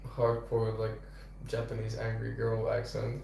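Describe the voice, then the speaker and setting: A man's voice: mid-range voice, fairly even intonation, moderate pace, a little mellow, far from the mic. A man trades dry, teasing banter as a co-host on a stream. He sits away from the mic in an echoey room, with a faint hiss underneath. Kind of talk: casual banter.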